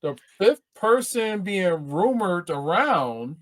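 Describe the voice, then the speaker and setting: Male co-host, casual chat, playful, teasing, slow delivery. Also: high-pitched, sing-song. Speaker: podcast co-host.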